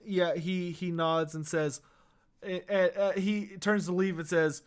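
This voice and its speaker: A man narrating a tabletop game as game master, with halting speech and many fillers. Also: high voice, fairly even intonation, clear, resonant tone.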